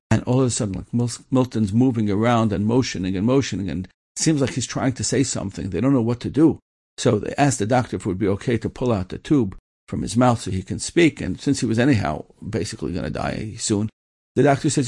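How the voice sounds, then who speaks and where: Earnest male storyteller, gravelly and husky, low voice. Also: fairly quick, darkish tone, dry recording, clean studio sound. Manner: earnest, repeats words for emphasis, Yiddish and Hebrew terms. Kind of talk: storytelling talk.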